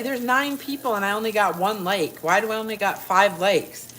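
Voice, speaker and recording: A woman's voice: mid-range voice, normal speed, a bit bright, a little hiss or hum. A woman hosting a live cooking stream from her home kitchen, brash and joking, talking straight to her viewers. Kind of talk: chatty live cooking demo.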